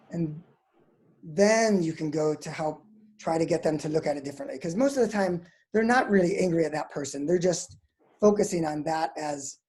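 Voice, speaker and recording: A middle-aged man, a psychologist, giving advice in an interview in a calm, measured way. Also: on the high side.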